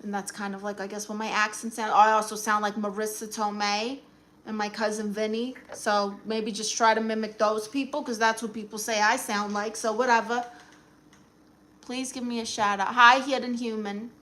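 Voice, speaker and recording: A woman's voice: mid-range voice, little pitch movement, normal speed, bright, forceful tone. A woman with a Brooklyn accent hosting a casual livestream, sassily answering viewers' comments and calling them honey. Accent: Brooklyn New York. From Brooklyn, New York. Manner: sassy, teasing, calls viewers honey. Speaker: livestream host giving advice.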